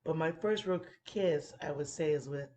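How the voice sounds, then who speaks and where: Her voice sits low and warm at a moderate pace: a woman in her thirties hosting a podcast and telling a frank story full of profanity on a casual chat show. She's playful and laughs often.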